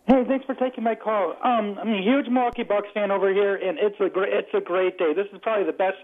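A man's voice: high voice, fairly even intonation, fast talker. A man calling in to a sports radio show, rambling and tripping over his words on a tinny phone line. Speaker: caller. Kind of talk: phone-in call.

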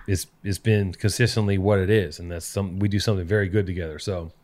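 Man in a halting, profane chat. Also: sits low, steady tone, darkish tone, a little hiss or hum. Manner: profane, halting, lots of restarts and laughter. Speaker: podcast co-host. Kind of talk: casual chat.

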